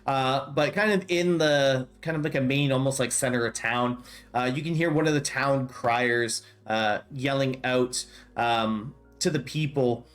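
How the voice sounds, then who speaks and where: A man's voice: medium pitch, a little slow, fairly bright tone, soft background music. A young man narrating as game master of a tabletop game, with loose, filler-heavy narration.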